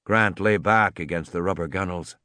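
A man narrating a story aloud, expressive, doing voices for the characters. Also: low voice, normal speed, no room sound. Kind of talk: audiobook reading.

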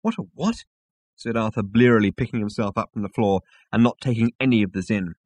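A man reading an audiobook as narrator, lively and theatrical, on a close microphone. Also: lowish voice, fast talker, dry recording.

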